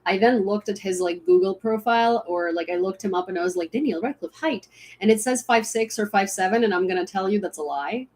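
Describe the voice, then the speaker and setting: A woman's voice: medium pitch, fairly quick, a little mellow. Rambling woman chatting on a livestream. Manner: rambling, many fillers and restarts. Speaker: livestream host. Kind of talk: casual livestream chat.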